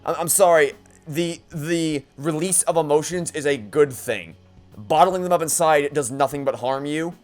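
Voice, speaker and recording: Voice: mid-range voice, moderate pace, soft background music. A let's play gamer giving emotional commentary, stammering often, getting exasperated and swearing.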